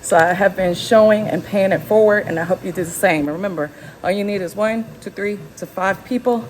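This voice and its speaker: A woman's voice: medium pitch, brisk, slight background noise, low-quality recording. A woman in her fifties vlogging unscripted from a gym while walking on a treadmill, a little out of breath, giving emphatic encouragement. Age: 50s. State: slightly out of breath. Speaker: YouTube channel host. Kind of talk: unscripted motivational vlog.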